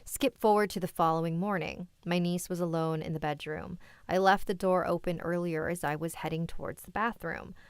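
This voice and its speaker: A woman with a slightly low, smooth voice reads viewers' scary stories aloud on a livestream. Between stories she turns candid and chatty, talking straight to the chat. Her voice sounds dry and close, with no room echo. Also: steady tone, a little fast, hardly any pauses. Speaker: host and story reader.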